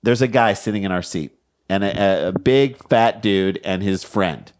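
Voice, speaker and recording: This middle-aged co-host of a comedy podcast has a low voice and speaks at a normal pace, animatedly acting out the voices of the people in his anecdotes. There's slight background noise as he tells his comedic stories.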